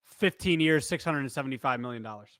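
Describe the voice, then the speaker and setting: A man's voice: medium pitch, fast talker, a bit bright, no echo, clean studio sound. A man co-hosting a casual sports podcast. He rambles, cracks jokes and corrects himself mid-sentence, and he talks while eating a snack. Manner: rambling, joking, self-correcting. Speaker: podcast co-host.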